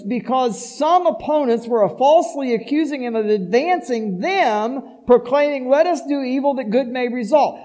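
A man with a high voice preaches a sermon as a pastor. He drives his points home with rhetorical questions, dropping into soft asides and then rising to loud, emphatic declarations. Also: low-quality recording.

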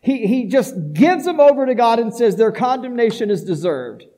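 High-voiced man preaching emphatically. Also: big pitch swings, normal speed, rough recording. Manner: emphatic preaching with rhetorical questions; shifts between soft asides and loud declarations. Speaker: pastor. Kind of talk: sermon.

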